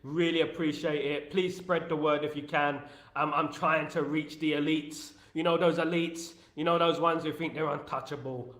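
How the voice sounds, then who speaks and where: Man, live-stream host, fired-up opinionated ranting, greets viewers in the chat, slightly high voice, echoey room. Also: steady tone, moderate pace, fairly bright tone. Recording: roomy echo.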